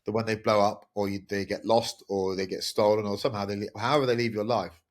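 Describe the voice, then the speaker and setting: Wry, rambling man, lowish voice. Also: flat delivery, fast talker. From England. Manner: candid, rambling, wry and self-deprecating. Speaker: podcast host. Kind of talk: casual podcast monologue.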